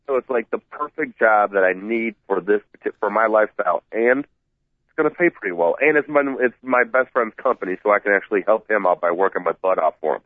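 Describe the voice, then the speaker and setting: A man co-hosting a sports talk show by phone, stuffed up, rambling and excitable, often repeating himself. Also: on the low side, brisk, dry recording. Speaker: sports radio co-host calling in. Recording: tinny phone line, dry.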